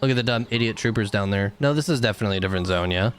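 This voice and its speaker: A man's voice: fairly low pitch, rapid-fire, slight background noise. A young man doing live game commentary as a streamer, chatting with viewers and breaking into frustrated outbursts. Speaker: gaming streamer.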